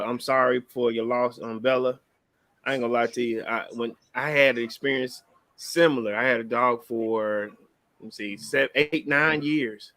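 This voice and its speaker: A man co-hosting a casual sports chat show, telling loose, animated personal stories. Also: mid-range voice, gravelly, dry recording. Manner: loose, storytelling, animated impressions of family. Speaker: podcast co-host.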